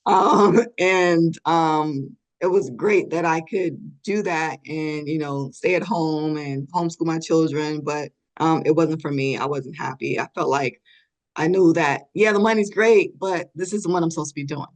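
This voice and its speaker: A woman's voice: low-pitched, a little slow. Earnest middle-aged woman sharing a story. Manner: earnest, many fillers and soft laughs. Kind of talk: podcast interview storytelling.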